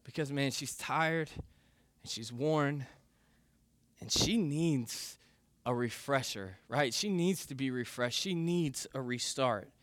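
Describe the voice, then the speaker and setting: Bright-voiced, emphatic male pastor. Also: mid-range voice, slow, no echo. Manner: animated, emphatic, self-correcting. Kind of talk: sermon.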